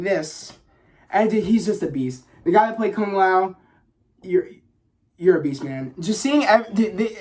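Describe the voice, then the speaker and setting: Young man, casual vlog review, rambling, excitable, swears a lot, filler-heavy. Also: high-pitched. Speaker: vlogger reviewing a movie. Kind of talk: casual spoken movie review.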